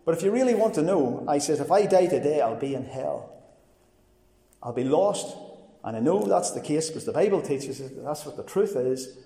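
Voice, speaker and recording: A man's voice: a little high, animated, moderate pace, warm tone. Earnest man preaching in an echoing hall. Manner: earnest storytelling, quoting others in dialogue. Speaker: preacher giving his testimony. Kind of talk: personal testimony sermon. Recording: reverberant hall.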